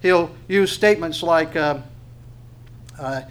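A man's voice: mid-range voice, normal speed, a bit bright. A man giving a conversational sermon, asking the listeners questions along the way. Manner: conversational, with rhetorical questions and tag questions. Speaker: preacher.

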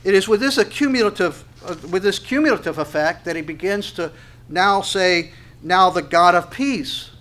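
A man's voice: sits high, moderate pace, a bit bright. A man preaching an expository sermon on a Bible passage, asking rhetorical questions, building emphasis and often restarting his phrases. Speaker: pastor.

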